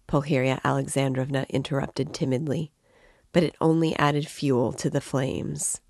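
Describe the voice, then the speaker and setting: A woman reading a classic novel aloud in a measured, plain narrating voice. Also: extremely low pitch, steady tone, no room sound, studio quality. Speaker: book reader.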